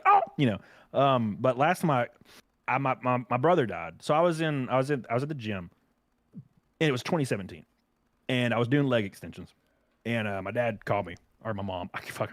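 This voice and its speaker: Young male podcast co-host, crude storyteller, swinging pitch, dry booth sound. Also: no echo. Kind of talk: casual comedic chat.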